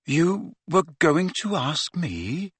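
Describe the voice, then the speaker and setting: A man's voice: medium pitch, expressive, fast, a bit bright, no room sound. Man voicing a sulky, sneering teenage boy. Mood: subdued.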